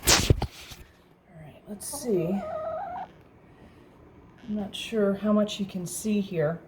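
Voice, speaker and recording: A woman caring for an injured hen, explaining what she does in a calm, soothing way and talking gently to the bird. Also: mid-range voice, extremely slow, pauses often. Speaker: backyard chicken keeper. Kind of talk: casual hands-on vlog narration. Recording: roomy echo with faint background noise.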